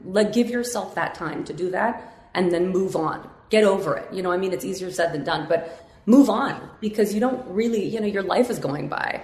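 A woman's voice: lowish voice, normal speed, darkish tone, roomy sound. A woman guest in a podcast interview, talking candidly and upbeat with many fillers.

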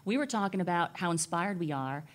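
A woman's voice: lowish voice, expressive, brisk. A woman, co-hosting a podcast live on a conference stage in a chatty, upbeat way. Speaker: podcast co-host.

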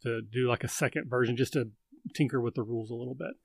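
A man's voice: medium pitch, quick pace, vocal fry, husky, no room sound. A man hosting a casual live chat, rambling and thinking aloud with lots of fillers. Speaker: livestream host.

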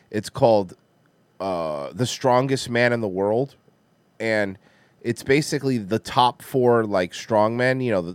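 A man's voice: medium pitch, no room sound. A man co-hosting a podcast in casual chat, rambling, swearing freely and laughing often. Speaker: podcast co-host.

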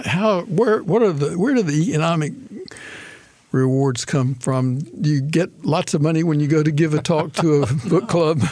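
A man's voice: fairly high pitch, a little mellow, no echo. A man hosting a radio interview show, speaking hesitantly with frequent restarts. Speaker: radio talk show host. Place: radio studio.

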